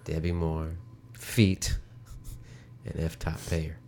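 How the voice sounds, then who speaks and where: A man's voice: a bass voice, flat delivery, very slow, darkish tone. A man co-hosting a podcast in casual chat, dry and blunt, teasing the others. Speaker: podcast co-host.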